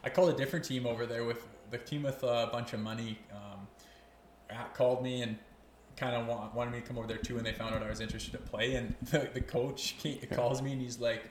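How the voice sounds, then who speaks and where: A relaxed Canadian man in his thirties telling long hockey stories on a podcast, loose and profane, with laughter running through his talk. His voice sits in an ordinary middle range. The room is echoey, and faint ambient noise hangs behind him. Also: medium pitch, quick pace. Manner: laid-back, swears a lot, laughs through his stories. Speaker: podcast guest, former pro hockey player. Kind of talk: casual storytelling chat.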